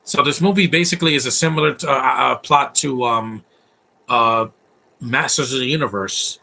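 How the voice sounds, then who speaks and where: A man's voice: mid-range voice, normal speed, gravelly, bright, forceful tone. A man in his thirties giving a casual, opinionated live commentary on a film, chatty and full of fillers. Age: 30s. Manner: chatty, opinionated, laughs often, many fillers.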